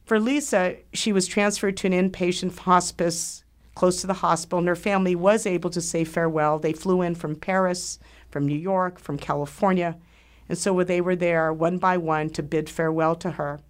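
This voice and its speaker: A middle-aged woman hosts the show in a fairly low voice. She talks slowly and earnestly. Her tone stays heartfelt throughout. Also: steady tone. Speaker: host. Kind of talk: scripted monologue.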